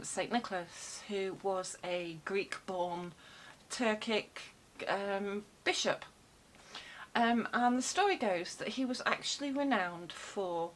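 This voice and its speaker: A woman's voice: medium pitch, low-quality recording. A woman vlogging from home, chatting casually with many fillers and wry asides into a desk microphone. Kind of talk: casual rambling talk to camera. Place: home room with cats about.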